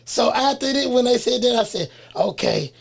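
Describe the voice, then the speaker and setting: An easygoing man hosts a laid-back interview. His voice is high for a man, gravelly and somewhat husky. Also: big pitch swings. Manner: easygoing, agreeable, quick affirmations. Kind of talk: casual interview chat.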